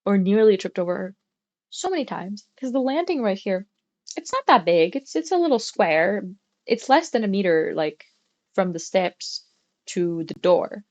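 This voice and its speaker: A woman's voice: mid-range voice, sing-song, normal speed, darkish tone. A young adult woman livestreaming from her bedroom at home, chatting casually in a rambling way and swearing now and then. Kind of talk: casual chat.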